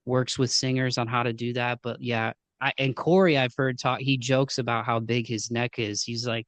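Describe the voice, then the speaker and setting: A man's voice: medium pitch, flat delivery, normal speed, hardly any pauses, a bit bright, no room sound. A man hosting a podcast, chatting loosely with plenty of "like" and "um", circling back as he talks. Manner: rambling, lots of fillers and restarts, name-dropping. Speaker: podcast host. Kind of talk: casual podcast interview.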